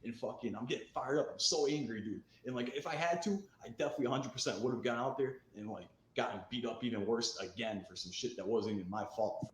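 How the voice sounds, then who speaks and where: A man telling a candid story about his past addiction and recovery, getting fired up and swearing as he acts out what was shouted. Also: mid-range voice, quick pace, few pauses, reverberant, low-quality recording.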